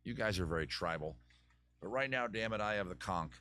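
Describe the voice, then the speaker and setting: A man's voice: on the low side, animated, fairly quick, bright, forceful tone. A man hosting a comedy advice show, rambling and digressing in casual self-mocking chat, his voice a bit worn out after weekend shows. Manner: digressive, self-mocking, drops into a put-on Southern lawyer voice. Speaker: comedy podcast host. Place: his home in a city.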